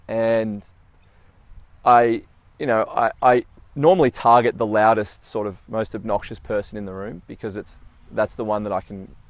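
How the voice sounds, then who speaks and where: A man's voice: lowish voice, a little mellow, dry recording. A man talking casually and reflectively, telling a story and acting out the quoted lines, with fillers and repeated words. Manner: storytelling, acts out quoted dialogue. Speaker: speaker sharing personal reflections.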